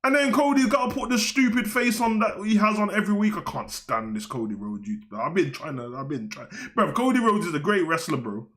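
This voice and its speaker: A man's voice: sits high, expressive, brisk, few pauses, a bit bright. A young man, hosting a wrestling talk show in a slangy, heated, rambling rant. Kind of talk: ranting casual commentary.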